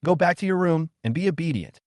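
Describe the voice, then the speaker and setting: A man voicing a calm middle-aged father who tries to settle an argument. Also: fairly high pitch, fast talker, dry recording, studio quality, voice pushed up, close to an everyday voice. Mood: placating.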